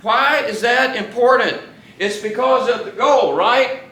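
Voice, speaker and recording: A man's voice: very high voice, measured pace, pushed and bright, roomy sound, distant mic, rough recording. A man teaching a Bible study to a small class in a casual, conversational way, often restarting sentences and asking the group questions.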